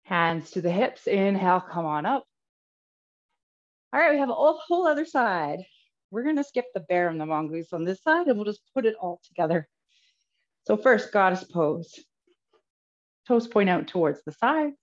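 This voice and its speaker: A woman's voice: mid-range voice, big pitch swings, moderate pace, pauses often. Yoga teacher lady talking a live class through poses, winded, muffled kinda lo-fi audio. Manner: cueing poses step by step, laughing at slips. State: out of breath. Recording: slightly dull lo-fi audio.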